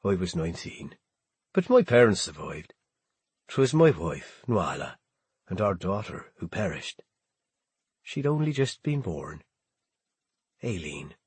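A quiet, grief-worn Irish pirate, as a man reads him, his voice husky and lilting through wide swings of pitch. He speaks low and gentle, in a dry, close sound. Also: very animated, slow, long pauses, no room sound, heavily acted. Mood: grieving. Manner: soft-spoken, subdued. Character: grieving Irish pirate man from County Clare.

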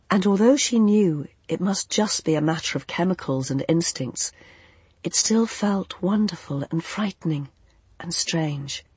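Audiobook narrator, soft expressive fantasy reading, mid pitch, dry close sound. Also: husky, dry recording.

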